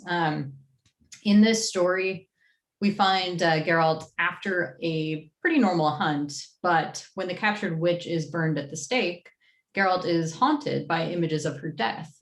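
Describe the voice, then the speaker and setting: A woman's voice: lowish voice, gravelly, echoey room. A woman hosting a casual livestream rundown of new comics, chatty and full of fillers. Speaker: comics publisher staff host.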